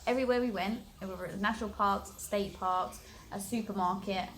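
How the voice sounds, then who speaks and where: A woman's voice: mid-range voice, fairly quick. A young English woman with an East of England accent, chatting casually and giggling as she tells travel stories. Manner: giggly, animated storytelling. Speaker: travel vlogger. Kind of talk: casual chat.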